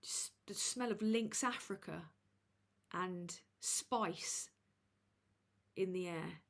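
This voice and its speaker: A woman's voice: fairly low pitch, drawn-out words, vocal fry. A woman hosting a casual livestream and reading out super chats, crude and sardonic as she roasts people. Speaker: livestream host.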